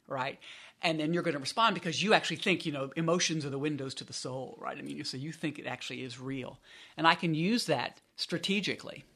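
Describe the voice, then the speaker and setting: A woman with a low-sitting, fast, slightly bright voice, she is a business school professor featured as an interview guest. Her talk about her research is conversational and explanatory, with frequent restarts as she corrects herself.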